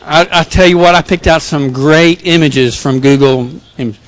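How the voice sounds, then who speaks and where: A man's voice: a little high, normal speed, no echo. A male pastor giving a sermon, telling jokes and self-deprecating personal stories. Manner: joking, self-deprecating storyteller.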